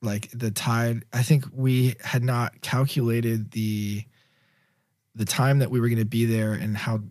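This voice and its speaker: Male director guest, lowish voice, dry close sound, loose rambling storyteller. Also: no room sound. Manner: rambling, filler-heavy, animated storyteller. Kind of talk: casual interview storytelling.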